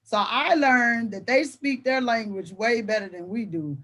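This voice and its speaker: A woman's voice: a little high, unhurried, a bit bright. A woman educator chatting as a guest, telling classroom stories in a colloquial way and laughing often. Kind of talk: casual conversation, storytelling.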